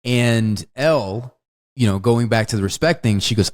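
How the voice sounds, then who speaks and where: A man's voice: medium pitch, normal speed. A man co-hosting a podcast, chatting casually about films and acting out lines from scenes. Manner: animated, acts out movie lines in big shifting voices. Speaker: podcast co-host. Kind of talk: casual film discussion.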